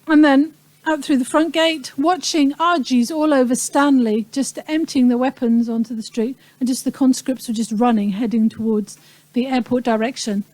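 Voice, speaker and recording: A woman in her fifties from the Falkland Islands, telling a live audience about her wartime childhood in a reflective, pausing way with touches of humor. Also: high-pitched, steady tone, a little mellow, dry recording, rough recording. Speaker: speaker recounting a wartime childhood. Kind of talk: personal talk to an audience.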